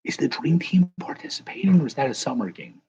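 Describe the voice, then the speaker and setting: A man's voice: medium pitch, sing-song, fast, a little mellow, slightly rough, muffled recording. A man hosting a casual live chat, rambling and correcting himself as he answers viewers. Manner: rambling, self-correcting, chuckling. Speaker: livestream host.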